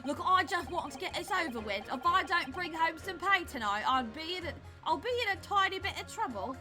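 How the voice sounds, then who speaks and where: A woman voicing an anxious, hurried male juror who sounds impatient and fretful. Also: extremely high pitch, animated, music in the background, voice pushed up.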